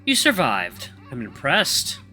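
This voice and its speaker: A man's voice: medium pitch, takes it slowly, soft background music, full character voice. A man doing a cool, aloof young wolf grandmaster. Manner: monotone, cool, lecturing.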